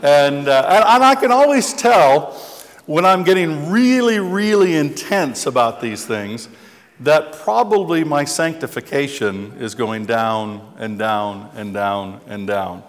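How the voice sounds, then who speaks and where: A male pastor giving a chatty, humorous sermon, telling stories about himself with frequent restarts. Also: mid-range voice. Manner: chatty, self-deprecating storyteller with many restarts. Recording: long hall reverb.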